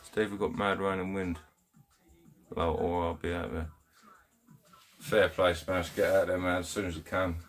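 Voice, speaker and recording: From indoors at home, a man with an English accent chats casually on a live stream, reading out comments. His somewhat low voice is flat and measured, with frequent pauses, faint music behind, and blunt, slangy talk broken by lots of laughter.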